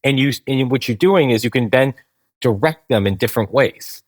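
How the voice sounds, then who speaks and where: A man's voice: mid-range voice, normal speed, no room sound. A man, a game company founder, explaining in a conversational interview, tagging points with "right?" and restarting sentences.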